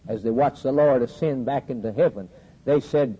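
A man preaching a sermon, with a steady preaching cadence that builds to loud, emphatic climaxes with dramatic pauses. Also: mid-range voice, husky. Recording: dull lo-fi sermon recording with faint hiss.

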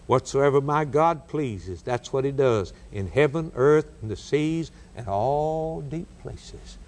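Dramatic male preacher at mid pitch. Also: lively intonation, slow pace, hardly any pauses, a little mellow. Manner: dramatic storytelling, swinging pitch and pace, cadenced lists. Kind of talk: sermon.

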